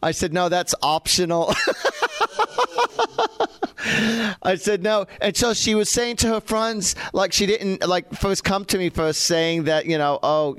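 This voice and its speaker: A man's voice: fairly high pitch, fairly bright tone, smooth, dry recording. Chatty man with a put-on English accent. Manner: rambling, chatty storytelling with filler words and restarts. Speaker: radio show host and psychic medium. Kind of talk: casual talk radio chat.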